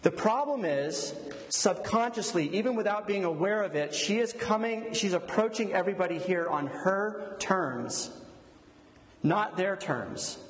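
A man preaching, leading a prayer and then telling a story in a relaxed, conversational way. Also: high-pitched, a little slow, slight background noise. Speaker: pastor. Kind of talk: sermon with storytelling. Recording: echoey hall, long reverb.

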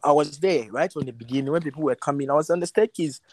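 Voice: medium pitch, quick pace. A young doctor telling a story with lots of energy, acting out scenes with voices. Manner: animated, lively, acts out scenes. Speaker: doctor guest. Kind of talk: casual storytelling. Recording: faint background noise.

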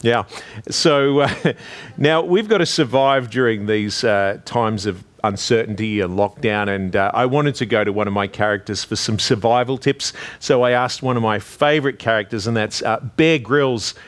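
A man's voice: medium pitch, moderate pace. A man with an Australian accent hosting a carols event, chatty and jokey, breaking off for asides. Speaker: host.

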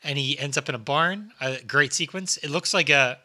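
A man with a New Jersey accent, talking haltingly with restarts in a casual podcast chat. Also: on the high side, sharp tone. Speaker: podcast co-host.

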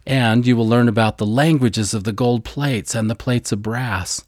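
A man co-hosting a scripture lesson podcast, eager and deliberate, carefully spelling out names and their pronunciations. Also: mid-range voice, fairly even intonation, darkish tone, no room sound, studio quality. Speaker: podcast co-host teaching scripture.

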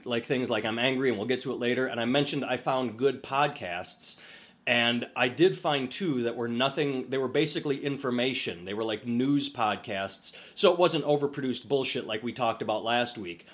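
A man's voice: medium pitch, moderate pace. A man co-hosting a podcast, telling a long story in casual chat with restarts and swearing. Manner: rambling, animated storyteller with profanity and restarts. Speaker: podcast co-host. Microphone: over a phone-computer call.

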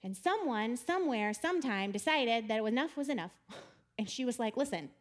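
High-voiced woman telling a story. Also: moderate pace. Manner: chatty and animated, laughs often. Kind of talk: storytelling talk on faith.

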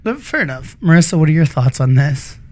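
A man's voice: on the high side, sing-song, brisk, darkish tone. A man co-hosting a casual film chat, loose and chatty. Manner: laughs easily, loose and chatty. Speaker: podcast co-host.

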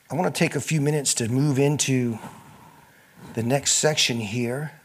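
Man preaching with rising and falling force. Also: medium pitch. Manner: dynamic preaching, from loud to hushed; acts out speakers in the scripture he reads. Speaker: pastor. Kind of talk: sermon.

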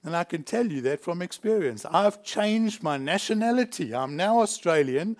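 A man's voice: high-pitched, animated, moderate pace. A man from South Africa preaching a sermon in a church, emphatic and chuckling between points. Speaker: pastor.

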